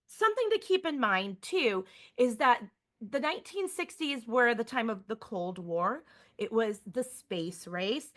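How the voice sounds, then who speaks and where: Upbeat museum educator woman. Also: on the high side. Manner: lively, chatty, often checks in with a tag question. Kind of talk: online lesson for students.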